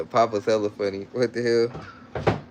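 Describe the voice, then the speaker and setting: A man's voice: on the low side, flat delivery, measured pace, background noise. A man hosting a casual livestream, reading viewer comments aloud and repeating himself in loose slang. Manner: coaxing, playful with his child. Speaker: livestream host.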